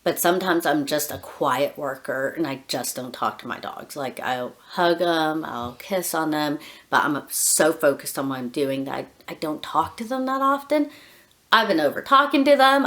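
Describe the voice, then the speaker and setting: A young adult woman talking candidly in a casual personal vlog, rambling with many fillers and soft laughs. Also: low voice. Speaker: vlogger, dog groomer.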